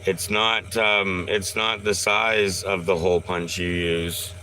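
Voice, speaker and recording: Slow-talking man with a bright voice. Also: sits low, level tone, slight background noise. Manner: slow, easygoing, talks baby-talk to his dog. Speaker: live streamer. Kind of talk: casual live-stream chat.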